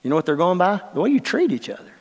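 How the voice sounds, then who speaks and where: An older man preaching a sermon in a church, swinging from hushed lines to shouts. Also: high voice, big pitch swings, very fast. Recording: long reverb of a large hall.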